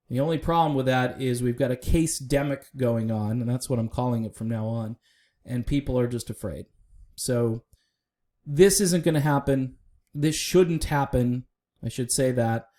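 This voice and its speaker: A man's voice: medium pitch, dark tone. A man giving casual, opinionated solo commentary on music news, talking straight to viewers with frequent fillers.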